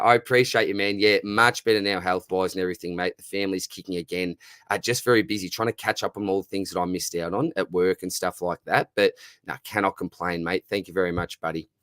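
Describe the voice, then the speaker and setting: A man's voice: lowish voice, quick pace, fairly bright tone, no echo, studio quality. A man with an Australian accent hosting a live Q&A, chatting casually and calling everyone mate. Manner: matey, says "mate" constantly, reads out viewer questions. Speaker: livestream host answering fantasy football questions.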